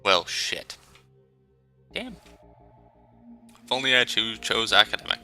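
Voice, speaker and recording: A man's voice: on the low side, very animated, takes it slowly, sharp tone. A man giving casual, chatty gameplay commentary with self-deprecating asides. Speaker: gameplay streamer. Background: faint game music.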